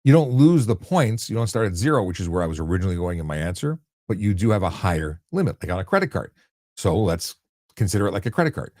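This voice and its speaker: A blunt, deep-voiced man hosts a casual live Q&A, answering viewers in a loose, conversational way full of restarts and fillers. His voice sits very low and is picked up close and dry, with no room sound around it. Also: sing-song, fast, a little mellow, no echo. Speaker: host answering viewer questions.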